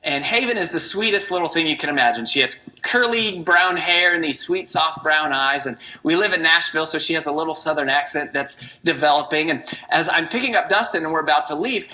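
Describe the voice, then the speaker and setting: Motivational speaker, bright clear voice, keeps asking rhetorical questions then tells a story. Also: medium pitch. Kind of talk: motivational stage talk.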